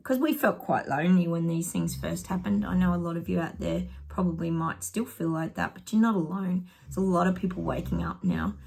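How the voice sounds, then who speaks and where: A woman's voice: on the low side, animated, fairly quick, creaky, hardly any pauses, darkish tone, slightly rough. A middle-aged woman, a psychic, chatting casually to viewers while pulling tarot cards, rambling and laughing often. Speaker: psychic giving tarot predictions.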